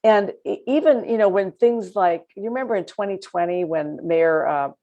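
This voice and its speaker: A woman co-hosting a political talk show, chatting casually in an animated, sarcastic way and laughing as she talks. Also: medium pitch, moderate pace, dull audio.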